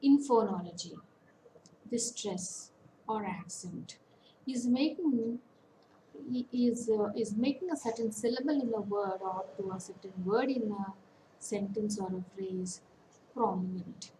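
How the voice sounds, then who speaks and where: A woman counsellor with an Indian English accent, giving a lecture on English phonetics and pausing often with fillers. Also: medium pitch, mellow, low-quality recording. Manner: slow, deliberate, with many hesitations and fillers. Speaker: academic counsellor. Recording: faint background noise.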